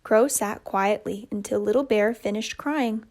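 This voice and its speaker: A woman telling a children's puppet story in a gentle, measured way. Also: medium pitch.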